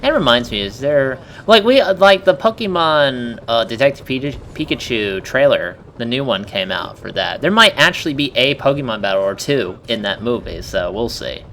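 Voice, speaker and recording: A man's voice: medium pitch, moderate pace, few pauses, a little hiss or hum. A man chatting and joking casually while commenting on someone else's game playthrough. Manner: joking, animated, laughs often. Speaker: co-commentator on a gameplay video. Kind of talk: casual gaming banter.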